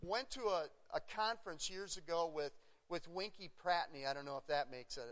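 A middle-aged pastor with a fairly high voice delivers an earnest sermon to his congregation at a fairly quick pace. He relies on repetition and sharp emphasis, and his words carry the long reverb of a church sanctuary.

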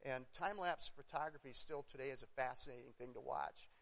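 A man's voice: mid-range voice, a little fast, gravelly, fairly bright tone. A middle-aged man preaching a sermon as pastor, earnest and emphatic, repeating phrases for stress. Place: church sanctuary. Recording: long reverb of a church hall.

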